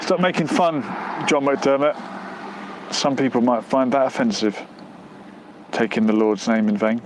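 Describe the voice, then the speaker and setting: Somewhere near the outskirts of West London, a man with a mid-range voice hosts a casual live stream, speaking a little slowly over a faint hiss or hum. He reads out viewer comments and answers them hesitantly, rambling with many fillers and restarts.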